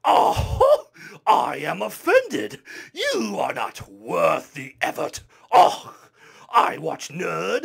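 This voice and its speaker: A man voicing a pompous, self-important male internet commenter, speaking in a slow, theatrical, haughty way that breaks into shouting. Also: sits high, vocal fry, slightly rough, exaggerated voice. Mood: mock-offended.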